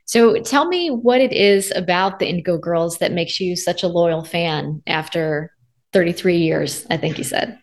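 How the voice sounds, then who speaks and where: A woman's voice: fairly low pitch, a little slow. A woman hosting a podcast interview, asking questions in an encouraging way. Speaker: podcast host.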